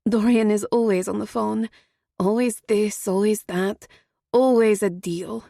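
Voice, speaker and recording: A woman's voice: medium pitch, steady tone, measured pace, vocal fry, dark tone, dry recording. A young, glamorous wife with an Eastern European accent brushes things off with breezy nonchalance. A woman reads her in an audiobook. The sound is dry and close, with no room behind it. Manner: offhand, breezy.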